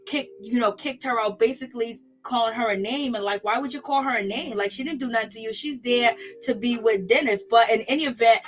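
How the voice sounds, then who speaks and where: A woman's voice: on the high side, a little fast, hardly any pauses, slight background noise. A woman host reviewing reality TV in casual, gossipy commentary, laughing often and greeting viewers in her chat. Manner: animated, gossipy, laughs often, African American Vernacular phrasing.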